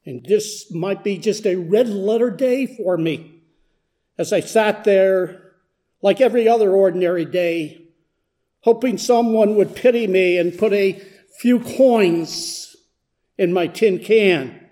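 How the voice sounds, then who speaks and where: A man's voice: high-pitched, slow, mellow. A man performing a first-person dramatic monologue as a blind beggar, speaking earnestly and building in intensity. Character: blind beggar man, humble then desperate. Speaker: dramatic storyteller.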